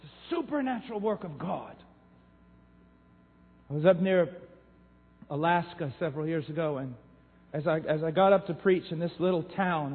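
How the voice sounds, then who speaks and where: Brief: male preacher, fervent storytelling, higher voice, tinny recording in a reverberant hall. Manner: impassioned, swings from hushed to loud. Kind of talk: sermon storytelling.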